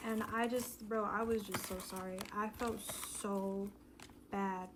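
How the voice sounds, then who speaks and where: A young woman telling a dating story in a casual storytime vlog, animated and slangy, acting out the dialogue. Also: mid-range voice, unhurried, background noise.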